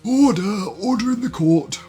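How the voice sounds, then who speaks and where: A man's voice: a little high, normal speed, husky, pitched above the performer's own voice. A man voicing a fussy old male courtroom judge while reading game dialogue aloud, calling for order in the court. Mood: stern. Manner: raises voice to call for order. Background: game music.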